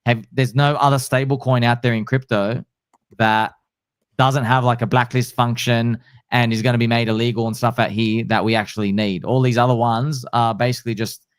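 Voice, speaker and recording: A male host chatting casually, excitable and slangy, acting out what others say. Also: mid-range voice, normal speed, smooth, dry recording, clean studio sound. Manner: excitable, slangy, acts out quotes. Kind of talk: casual chat.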